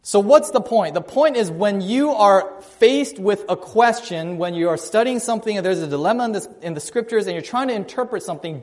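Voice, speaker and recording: A man preaching a sermon, telling a personal story in a conversational way and shifting his loudness and pace for emphasis. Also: sits high, lively intonation, brisk, hardly any pauses.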